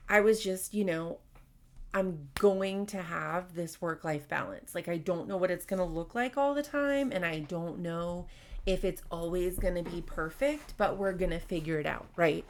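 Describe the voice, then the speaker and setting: A woman's voice: fairly low pitch, normal speed, creaky. A woman hosting a podcast, giving frank, casual workplace advice with plenty of fillers. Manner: frank, conversational, with many fillers. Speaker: podcast host.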